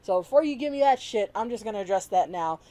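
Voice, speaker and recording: A woman's voice: mid-range voice, expressive, fast talker, dark tone. A woman vlogger giving heated, profane opinion commentary, bluntly calling out people she disagrees with and mockingly imitating them. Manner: blunt, heated and profane, with sarcastic mimicking of others.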